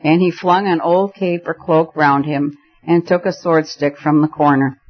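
A man narrating a story aloud in a measured, even storytelling voice. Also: a little high, dull audio, soft background music. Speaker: audiobook narrator. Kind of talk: scripted narration.

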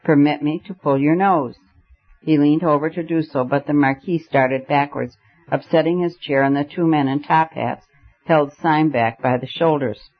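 A man giving a measured, scripted audiobook narration of a classic novel. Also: fairly high pitch, steady tone. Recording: dull lo-fi recording.

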